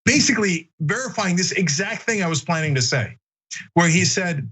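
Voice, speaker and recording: A man's voice: high voice, normal speed, husky, poor audio. Emphatic man giving political commentary. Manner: emphatic, animated, shouts mockingly at times.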